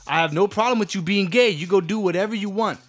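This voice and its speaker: A man's voice: high voice, quick pace, fairly bright tone, soft background music. Brash, profane man ranting. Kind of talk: comedic rant monologue.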